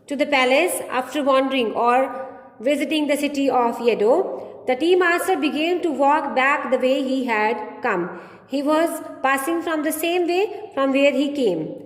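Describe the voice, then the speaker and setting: A woman with an Indian English accent, teaching an English class. She reads a story aloud and restates each line in simple words. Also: sits high. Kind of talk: reading and explaining a story to a class. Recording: echoey room with long reverb.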